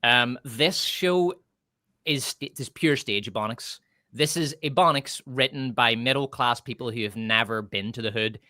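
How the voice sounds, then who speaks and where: A man's voice: medium pitch, moderate pace, pushed and bright, no room sound, clean studio sound. A man with a northern Irish accent, chatting bluntly and scornfully on a review livestream, with some swearing. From north of Ireland. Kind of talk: casual opinionated chat.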